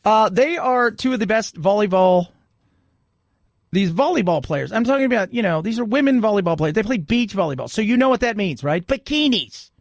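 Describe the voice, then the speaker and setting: Man, talk radio host, sarcastic, opinionated monologue, high lively voice, dry close mic. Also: brisk, no echo. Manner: animated and sarcastic, mocking asides.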